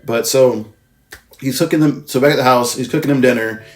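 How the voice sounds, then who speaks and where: A man's voice: mid-range voice, a little fast. A man casually recapping a film's plot as a reviewer, rambling, swearing and often correcting himself. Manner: rambling, profane, with frequent self-corrections. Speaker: movie reviewer.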